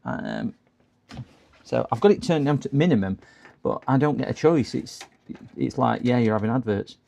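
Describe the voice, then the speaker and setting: A man's voice: mid-range voice, animated, moderate pace, vocal fry, mellow. A man casually talking through a computer repair on a live stream, muttering to himself and chatting with viewers. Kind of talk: casual running commentary while working.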